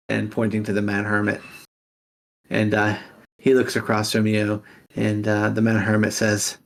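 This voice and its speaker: A man's voice: fairly low pitch, monotone, measured pace. A man running a tabletop game as game master, narrating loosely and improvising the scene.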